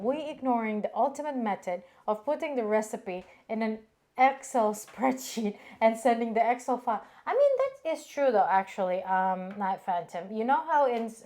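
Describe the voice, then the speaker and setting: A woman's voice: on the high side, darkish tone. A woman co-hosting a live cooking stream, chatting casually, giggling and reading viewer comments aloud.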